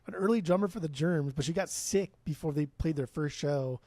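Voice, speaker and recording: A man's voice: on the high side, brisk, darkish tone, no echo. A man co-hosting a podcast in casual chat, rambling, swearing freely and restarting his sentences. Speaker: podcast co-host. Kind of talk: casual chat about music.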